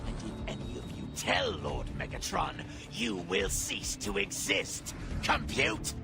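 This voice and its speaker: Starscream, a sneering robot schemer. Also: male voice, low-pitched, wildly swooping pitch, unhurried, vocal fry, music in the background, full character voice. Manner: barking, sneering orders. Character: scheming, scornful robot lieutenant. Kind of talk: video game voice acting.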